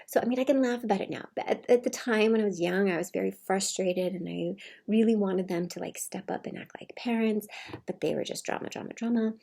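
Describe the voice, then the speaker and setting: Soft, husky woman talking casually. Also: mid-range voice, a little fast. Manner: rambling, many fillers and restarts, often soft and breathy. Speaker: vlogger. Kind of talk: casual personal monologue.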